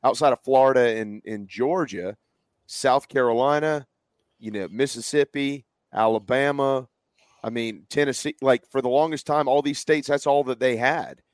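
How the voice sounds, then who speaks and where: A man with a Southern US accent runs a college football podcast, steering the chat and tossing questions to his co-hosts. His voice sits at an ordinary pitch and comes across dry, with no room sound. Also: moderate pace, no echo. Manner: conversational, hands off to co-hosts. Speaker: podcast host. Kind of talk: casual sports talk.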